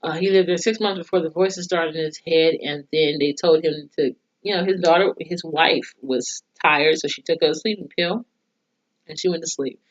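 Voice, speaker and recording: Woman reviewer, lowish voice, swears freely, casual recap, muffled lo-fi sound. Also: moderate pace. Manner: profane, blunt storytelling. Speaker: TV episode reviewer. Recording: dull lo-fi recording.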